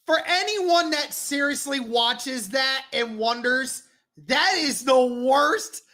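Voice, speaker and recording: Slow-talking woman reacting to live football. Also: high-pitched. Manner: animated, exasperated fan reactions addressed to chat. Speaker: live watch-along host. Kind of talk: live play-by-play reaction stream.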